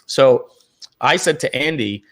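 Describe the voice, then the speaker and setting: A middle-aged man with an ordinary mid-range pitch tells a personal story at length. He restarts his sentences, doubles his words and clears his throat often, in a loose, conversational way. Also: expressive, slow pace, fairly bright tone. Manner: rambling, with frequent restarts and repeated throat-clearing. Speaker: company founder.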